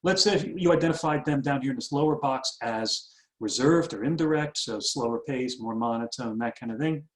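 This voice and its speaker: A man's voice: medium pitch, normal speed, echoey room, rough recording. A man presenting a recorded webinar as a business coach, explaining ideas in a conversational way with frequent fillers and self-corrections.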